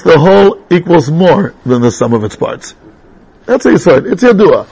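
A man's voice: high-pitched, breathy edge, rough recording. A man teaching a class on a religious text, reading passages in Hebrew and explaining them in chatty English. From England. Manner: mixes Hebrew and Yiddish terms into English, chatty. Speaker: Torah teacher.

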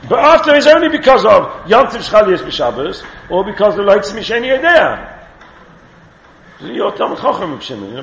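In a roomy, dull lo-fi class recording with faint hiss, a man with a high, gravelly, slightly bright voice leads a lively Talmud lesson. He questions his students and chants the Hebrew texts he quotes while teaching a Torah class.

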